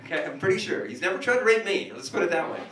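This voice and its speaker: A man's voice: sits high, big pitch swings, rapid-fire, a crowd in the background. A man doing stand-up comedy in a small café, rambling and sardonic, recorded from a distance in an echoey room. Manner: rambling, self-interrupting, sardonic.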